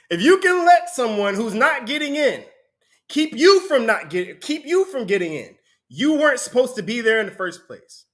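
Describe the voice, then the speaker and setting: A man's voice: very high voice, very animated, normal speed, a bit bright. A man preaching a conversational sermon, often breaking into laughter between points.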